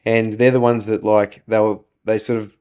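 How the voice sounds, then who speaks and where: A man's voice: lowish voice, level tone, normal speed, darkish tone, clean tone. A man, co-hosting a casual business podcast, ranting and swearing freely as he tells stories. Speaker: podcast co-host, business owner.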